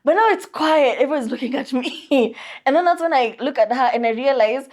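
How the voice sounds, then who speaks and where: A woman in casual podcast chat, with a slightly raised pitch. She tells her stories with frequent laughter. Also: lively intonation, a little fast, a little mellow. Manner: laughs often while telling stories. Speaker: podcast co-host.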